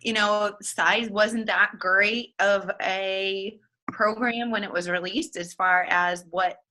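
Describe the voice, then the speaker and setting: A woman hosts an online team call in a casual, chatty way. Her voice is bright and forward, and she giggles now and then and leans on filler words. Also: mid-range voice, steady tone, takes it slowly, rough recording. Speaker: team leader hosting a coaching call. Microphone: online group call.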